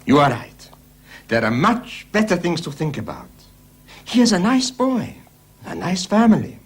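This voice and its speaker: A middle-aged German immigrant father with a husky edge, speaking earnestly. His pitch moves widely as he talks. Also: sing-song, unhurried, exaggerated voice. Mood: hopeful.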